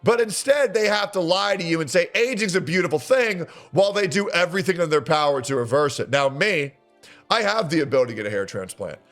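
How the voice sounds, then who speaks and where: A man's voice: a little high, animated, brisk, fairly bright tone, faint music behind. A man streamer giving a ranting reaction commentary, sarcastic and indignant, swearing often.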